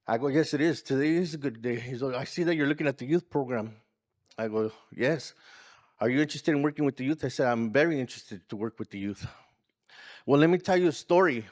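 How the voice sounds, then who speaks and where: A man telling an earnest personal story at a community gathering, acting out the lines of people in it. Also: mid-range voice. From California. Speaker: community organizer speaker. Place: conference room.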